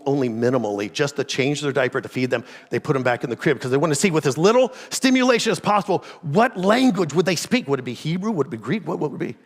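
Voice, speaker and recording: Conversational pastor in a reverberant church. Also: male voice, mid-range voice. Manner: conversational, asks the congregation many questions, drops to a quiet intense voice. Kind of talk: sermon. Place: church sanctuary.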